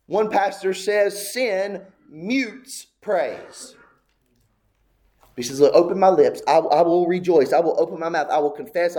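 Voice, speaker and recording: Pastor guy preaching, slightly high voice, gets all fired up and repeats lines for emphasis. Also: a little mellow. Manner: impassioned preaching, voice climbing high on pleas; repetitive emphatic cadence. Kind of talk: sermon.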